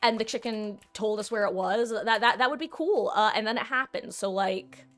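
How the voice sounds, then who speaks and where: Bright-voiced woman streamer chatting over gameplay. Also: fairly high pitch, moderate pace. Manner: chatty, dramatic, talks to chat and to the game. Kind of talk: casual gameplay commentary.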